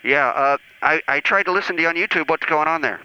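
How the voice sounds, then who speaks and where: A man's voice: fairly high pitch, quick pace, bright, forceful tone, a little hiss or hum. A man voicing a self-important, rambling priest calling in to the show. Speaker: caller. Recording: dull phone-line call.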